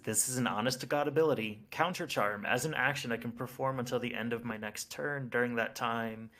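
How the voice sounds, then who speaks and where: A man at a tabletop game explaining his character's actions. He speaks at a middle pitch in a plain, matter-of-fact way. He reads through the details of an ability as he goes. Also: brisk, a bit bright. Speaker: player. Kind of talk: casual game talk.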